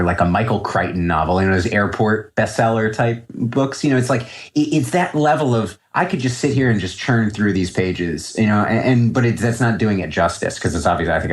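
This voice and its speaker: A deep-voiced man talks through his trading habits, circling back and restarting his thoughts as he goes. He sounds reflective and unhurried in a podcast conversation. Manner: reflective, rambling with many fillers and restarts. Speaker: trader guest. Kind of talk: podcast interview answers.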